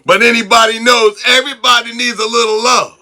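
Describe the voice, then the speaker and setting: A high, gravelly male host who rattles off betting picks in a rhyming, sing-song flow. His voice is sharp and bright, with faint music behind him. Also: fairly even intonation, brisk. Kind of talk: hyped sports-betting talk.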